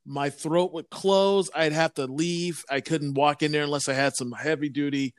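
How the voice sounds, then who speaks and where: A man with a smooth, resonant, slightly higher voice chats on a podcast. He rambles and hesitates, filling gaps with ums and uhs. The sound is dry and close, with no room echo. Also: fairly even intonation, moderate pace. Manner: rambling, hesitant, many fillers. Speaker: podcast co-host. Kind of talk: casual chat.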